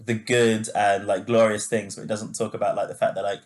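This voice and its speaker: A man co-hosting a podcast in casual chat, talking freely with lots of fillers and quick laughs. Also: fairly low pitch, level tone. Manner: chatty, laughs easily, many fillers. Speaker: podcast co-host.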